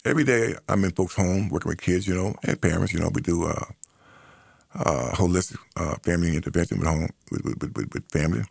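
A man's voice: low-pitched, quick pace, vocal fry, husky, no echo, clean studio sound. A middle-aged man, hosting a talk radio monologue in an earnest, repetitive, conversational way. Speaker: radio host.

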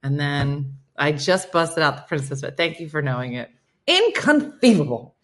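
A woman's voice: sits low, steady tone, moderate pace. A woman hosting a casual livestream chat, reading and reacting to viewer comments with frequent laughter.

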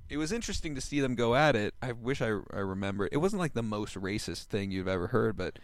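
A man's voice: on the low side, lively intonation, fast talker, no room sound. Rambling, swearing young man telling a story. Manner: rambling, swears a lot, fillers like "like" and "you know". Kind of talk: casual storytelling chat.

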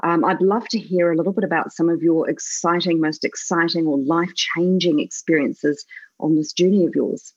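A woman's voice: fairly low pitch, steady tone, moderate pace, a little mellow, slightly rough, no room sound. A woman interviewing her guest, asking questions and adding short encouraging replies. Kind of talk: conversational interview. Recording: dull dry sound.

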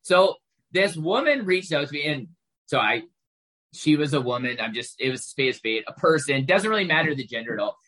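A man from Canada hosting a casual podcast chat, telling stories in a profane, animated way. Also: on the high side, brisk, low-quality recording. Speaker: podcast host.

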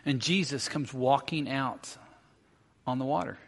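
The middle-aged pastor's voice is mid-range, creaky and husky, and he speaks at a measured pace during his sermon. He narrates a story and acts out quoted lines with rising intensity, recorded with the long reverb of a large hall.

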